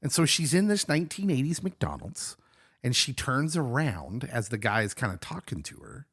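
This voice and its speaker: A man co-hosting a casual chat, his pitch swinging up and down as he talks. He sounds enthusiastic and jokey, and now and then he breaks into bursts of excitement. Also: normal speed, slightly rough. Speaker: podcast co-host. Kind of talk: casual watch-along chat.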